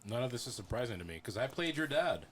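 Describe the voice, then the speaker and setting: A man co-hosting a casual podcast with a dry, mock-grand deadpan delivery. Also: mid-range voice, quick pace, slight background noise. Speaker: podcast co-host.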